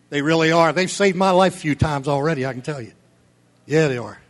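A man with a notably high voice delivers a sermon from the pulpit. He preaches with fervent, climbing emphasis that pushes toward a shout. Between those peaks he drops into folksy, chuckling asides to the congregation. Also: brisk. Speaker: pastor.

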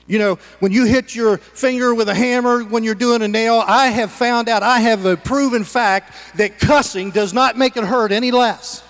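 A man's voice: very high voice, steady tone, moderate pace, few pauses, fairly bright tone, long reverb tail. A man preaching a sermon as pastor, folksy and conversational, with homespun humor.

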